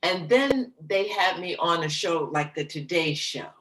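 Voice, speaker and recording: A woman jazz singer being interviewed, telling her stories with lively, theatrical flair and acting out the quotes. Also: on the low side, measured pace. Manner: animated, theatrical storyteller who acts out quotes. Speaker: guest, jazz vocalist. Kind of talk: casual storytelling interview. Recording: roomy echo.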